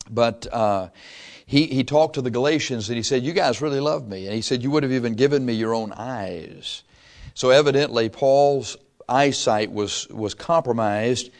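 A man, a pastor, teaching the Bible to his congregation in an easygoing, storytelling way, often asking them questions. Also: mid-range voice. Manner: conversational storytelling, asks the congregation questions, chuckles.

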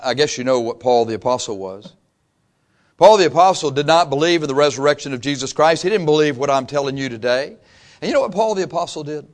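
Impassioned preacher man with a high voice. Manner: impassioned, swings between loud emphatic peaks and quiet low asides; repeats phrases for emphasis. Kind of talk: sermon.

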